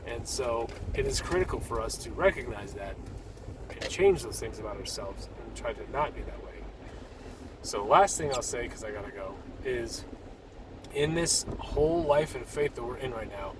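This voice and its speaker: A man's voice: medium pitch, expressive, moderate pace, noisy background. A man talking casually but urgently about his faith to the camera while sitting in a car, with rambling restarts. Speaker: Christian vlogger.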